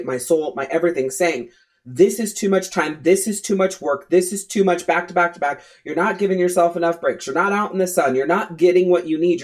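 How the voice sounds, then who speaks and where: A woman's voice: fairly low pitch, a little mellow. A woman life coach hosting her own podcast, talking candidly and bluntly, swearing freely and repeating phrases for emphasis. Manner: casual, with frequent "you know" and "right".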